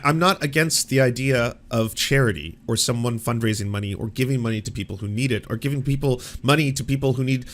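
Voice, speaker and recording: Male commentary host, mid-pitched, rants with swearing and repeated restarts. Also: a bit bright. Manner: profane, stammering restarts. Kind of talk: ranting commentary.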